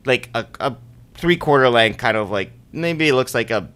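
A man with a bright, forward voice spins a loose story among friends. He rambles, laughs along and scatters "like" through his casual chat. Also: medium pitch, lively intonation, moderate pace. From Winnipeg. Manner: rambling, laughing, many "like" fillers. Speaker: storyteller on a podcast.

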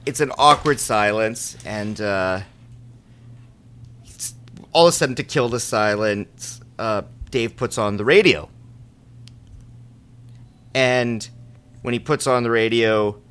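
A man with a bright, forward voice spins a loose story among friends. He rambles, laughs along and scatters "like" through his casual chat. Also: on the low side, takes it slowly, long pauses, clear, resonant tone. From Winnipeg. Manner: rambling, laughing, many "like" fillers. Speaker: storyteller on a podcast.

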